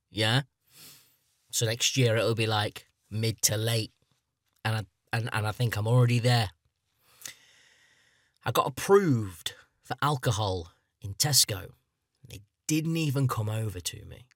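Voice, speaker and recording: A man's voice: medium pitch, no room sound, studio quality. A man, hosting a solo podcast in a rambling, self-mocking, chatty way. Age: 30s. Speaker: podcast host. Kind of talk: comedic solo podcast monologue.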